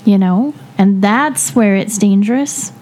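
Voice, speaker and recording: Mellow-voiced reflective woman co-host. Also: mid-range voice, a little slow. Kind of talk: faith discussion chat.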